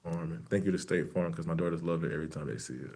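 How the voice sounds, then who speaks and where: A man in his thirties, a football player giving a casual interview in a soft-spoken, laid-back way with many fillers. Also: low-pitched, fast talker, breathy edge.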